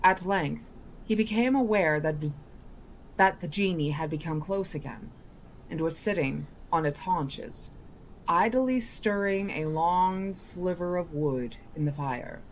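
A woman reads a novel aloud at a very slow, unhurried pace in a lowish voice. She is deliberate and now and then stops to fix a misread word. Faint background hiss runs under her reading. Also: lively intonation. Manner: deliberate, with small self-corrections. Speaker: book club reader.

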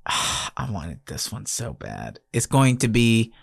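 A man's voice: fairly low pitch, wildly swooping pitch, slow pace, vocal fry. A man co-hosting a casual podcast, running an improv game with plenty of laughs, recorded in a studio. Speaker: podcast co-host. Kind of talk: casual chat.

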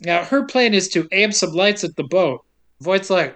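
High-voiced man recapping with jokes. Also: a bit bright. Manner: joking, laughs often, mimics characters in quick asides. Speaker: podcast co-host recapping a movie. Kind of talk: casual comedic movie recap.

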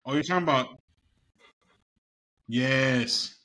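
A man hosting a casual podcast with friends. His voice sits at an ordinary middle pitch, and he rambles loosely, often stopping to hunt for the right word. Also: slow, sharp tone. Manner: loose, rambling, searching for words. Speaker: podcast host. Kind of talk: casual chat.

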